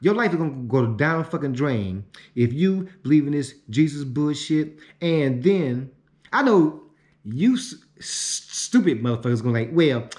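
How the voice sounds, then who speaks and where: A man delivering a profane, repetitive ranting monologue, swinging from shouting to muttering. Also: on the high side, animated, moderate pace. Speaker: online commentator. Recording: roomy echo.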